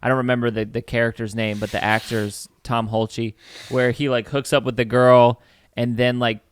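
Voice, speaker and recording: Rambling young man, smooth clear voice. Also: medium pitch, level tone, normal speed. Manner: rambling, many "like" fillers. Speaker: podcast co-host. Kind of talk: casual chat.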